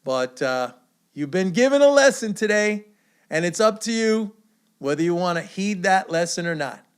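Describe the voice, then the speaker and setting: Guy doing his market commentary vlog, fairly high voice, smooth and clear, sure of himself and emphatic. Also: expressive, moderate pace. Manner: confident, emphatic, lecturing. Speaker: economics commentator. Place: away from usual studio.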